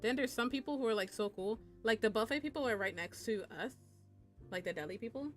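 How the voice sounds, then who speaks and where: A young woman telling a casual, profane storytime about her job while streaming, animated and chatty, jumping into high squeaky voices when she quotes people. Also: brisk, faint music behind.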